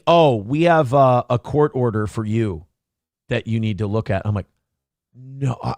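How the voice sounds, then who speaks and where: Animated, profane man telling a story. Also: medium pitch, moderate pace, dry recording, clean studio sound. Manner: animated storytelling, swears, acts out voices. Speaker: show host. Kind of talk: casual livestream chat.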